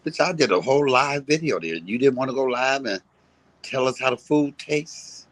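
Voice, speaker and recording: A man's voice: medium pitch, moderate pace, fairly bright tone, no room sound, low-quality recording. A man, ranting to his viewers in a profane, confrontational and mocking way. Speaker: live-streaming commentator. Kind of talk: casual rant to viewers.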